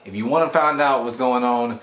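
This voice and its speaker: A man's voice: mid-range voice, a little fast. A man rambling through a casual anime episode review in a chatty, loose way. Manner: rambling, chatty, animated quoting. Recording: echoey room.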